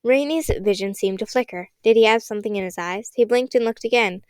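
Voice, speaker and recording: A woman narrating a children's audiobook in an expressive, dramatic reading. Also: a little high, brisk, no echo.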